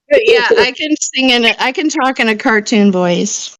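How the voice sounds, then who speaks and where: A woman with a high voice speaks slowly in casual voice-chat banter. She giggles often and keeps her delivery unhurried. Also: rough recording. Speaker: chat participant.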